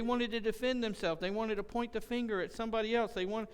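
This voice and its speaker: Impassioned high-voiced pastor in a hall. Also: male voice, steady tone, quick pace, few pauses, clear, resonant tone. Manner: impassioned preaching, rising loud when quoting. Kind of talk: sermon. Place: church sanctuary. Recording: long church hall reverb.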